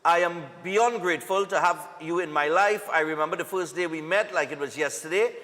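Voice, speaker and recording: A man's voice: a little high, fairly quick, sharp tone, long reverb tail. A Trinidadian man hosting a live morning TV show, reading birthday and anniversary greetings in a casual, upbeat way with local slang. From Trinidad and Tobago.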